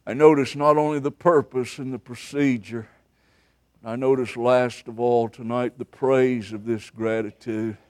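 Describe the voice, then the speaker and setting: At a camp meeting, a man preaches a revival sermon, swinging between loud outbursts and hushed asides. His mid-range voice keeps a steady tone and an unhurried pace.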